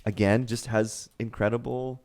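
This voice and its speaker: Animated man retelling stories on a podcast. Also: lowish voice, a little slow. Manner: animated, acts out quotes, laughs often. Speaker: podcast co-host. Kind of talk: casual chat.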